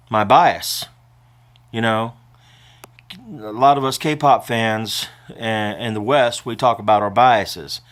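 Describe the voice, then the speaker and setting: A man's voice: fairly low pitch, fairly bright tone. An older man vlogging in a casual, rambling way, emotional and prone to choking up as he talks.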